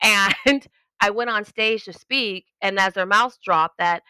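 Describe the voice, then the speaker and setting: A woman, a linguist and educator, telling animated stories in a casual podcast conversation and acting out the voices of people she quotes. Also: mid-range voice, slow, clear, resonant tone, no room sound, poor audio. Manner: animated storytelling, acts out quoted voices, laughs often.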